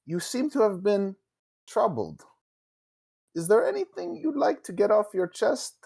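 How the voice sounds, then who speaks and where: A woman voicing a smooth-talking adventurer who speaks in lofty, measured phrases. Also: medium pitch, big pitch swings, warm tone, voice pushed up, exaggerated voice. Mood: persuasive.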